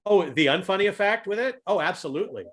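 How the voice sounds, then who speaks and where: Speaking over a video call, a man gives a talk about humor and leadership, full of loud, acted-out demonstrations. He talks fast in a high-pitched, animated voice.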